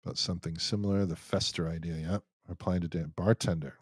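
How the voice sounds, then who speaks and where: A man's voice: deep voice, fairly even intonation, a little fast, husky, dry recording. A man hosting a live Q&A stream, chatting casually as he reads out viewer comments and jokes around with many restarts. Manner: rambling and joking, many restarts.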